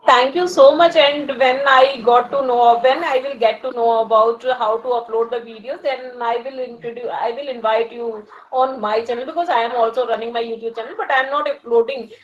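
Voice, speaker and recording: A woman on the high side speaks fairly quickly with fairly even intonation and hardly any pauses, in a muffled recording. She is a working professional from India with an Indian English accent, talking hesitantly and casually about learning English with plenty of fillers and restarts.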